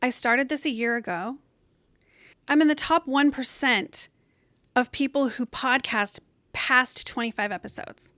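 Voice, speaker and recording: A woman's voice: high voice, unhurried, sharp tone, no echo, studio quality. A woman hosting a solo motivational podcast from her bedroom, talking in an earnest, encouraging, emphatic way. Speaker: podcast host. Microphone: camera set up in room.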